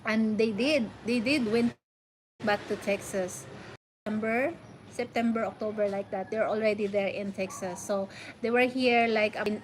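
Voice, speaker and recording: A woman's voice: mid-range voice, fairly even intonation, normal speed, background noise. A woman with a Filipino accent chatting casually to viewers on her vlog, rambling and often searching for words. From Philippines. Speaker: vlogger. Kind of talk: casual live chat.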